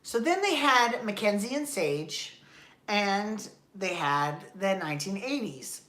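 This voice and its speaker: A woman's voice: mid-range voice, lively intonation, takes it slowly, fairly bright tone, roomy sound. A woman hosting a podcast, recapping a dance show in a rambling, exasperated, profane rant, her throat dry and coughing. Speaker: podcast host.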